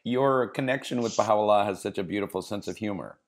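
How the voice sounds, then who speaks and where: Deep-voiced man hosting an interview. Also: brisk. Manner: enthusiastic, searching for words with fillers. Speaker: podcast host. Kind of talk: interview conversation.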